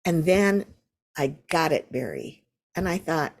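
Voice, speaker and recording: A woman's voice: low voice, sing-song, measured pace. An older American woman, a Zen teacher, telling a vivid story as an interview guest. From United States.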